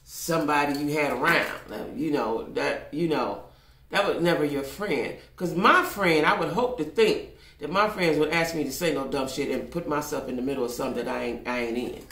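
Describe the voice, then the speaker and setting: A woman's voice: deep voice, normal speed, fairly bright tone. An older woman giving blunt, profane commentary in a casual vlog, repeating herself for emphasis. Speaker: vlogger. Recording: echoey room.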